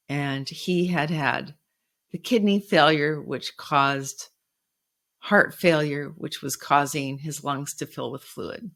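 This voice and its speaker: A middle-aged woman hosting a podcast, telling a personal story in an earnest, reflective way. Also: low voice. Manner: reflective, earnest, quoting others with raised voice. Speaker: podcast host.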